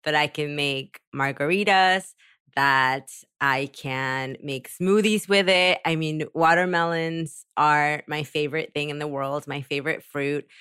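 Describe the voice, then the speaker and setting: A woman's voice: low-pitched, measured pace, fairly bright tone, clean tone, no echo, studio quality. A woman co-hosting a podcast, chatting casually and explaining things step by step. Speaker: podcast co-host. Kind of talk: casual chat.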